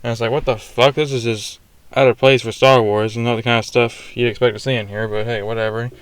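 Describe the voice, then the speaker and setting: A man's voice: mid-range voice, level tone, a little fast, clean tone, no echo. A young man giving a casual, ranting and profane movie review, full of fillers like "like" and "you know". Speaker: film reviewer.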